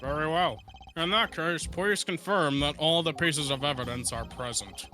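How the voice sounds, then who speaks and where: A man's voice: fairly high pitch, moderate pace, pushed and bright. A man voicing a flustered, absent-minded older judge in a fan game dub, hesitant and stammering. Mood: formal. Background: game music.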